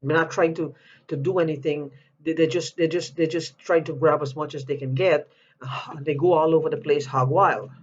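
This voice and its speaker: A man's voice: fairly high pitch, fairly even intonation, moderate pace, slight background noise. A man speaking in an upset personal video, agitated, repeating himself and breaking off mid-word as he pleads for help. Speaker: vlogger asking for help. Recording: dull lo-fi audio.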